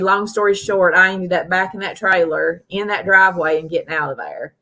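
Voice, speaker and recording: A woman's voice: lowish voice, fairly even intonation, a little fast, hardly any pauses, bright, forceful tone. A middle-aged woman hosting a live stream, telling a rambling, folksy story full of "uh" and "you know". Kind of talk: casual storytelling chat.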